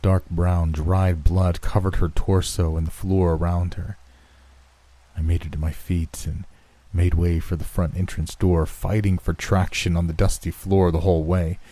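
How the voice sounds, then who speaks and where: A man reading a first-person horror story in a measured, dramatic storytelling manner. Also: low voice, little pitch movement, mellow. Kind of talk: scripted horror narration.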